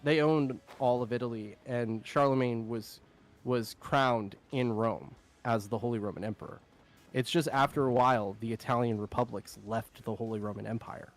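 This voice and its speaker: A man's voice: medium pitch, steady tone, normal speed, soft background music. Rambling young man, filler-laden chat. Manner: rambling, filler-heavy, laughs often. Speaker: streamer host. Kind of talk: casual chat.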